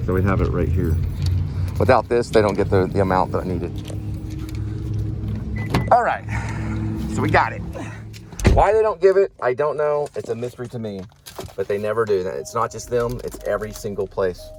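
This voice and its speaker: A man's voice: fairly low pitch, normal speed, pauses often, background noise. A man delivering food who talks in a rambling, casual monologue that drifts into preachy exhortations. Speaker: vlogger and food delivery driver.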